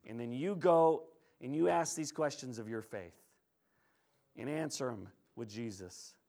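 A male pastor preaching a sermon in church, telling the story in a lively, conversational way that swings between hushed and loud. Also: mid-range voice, unhurried.

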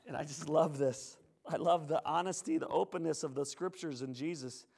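A male pastor preaching a sermon in church, telling the story in a lively, conversational way that swings between hushed and loud. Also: a little high, normal speed, gravelly, slightly rough.

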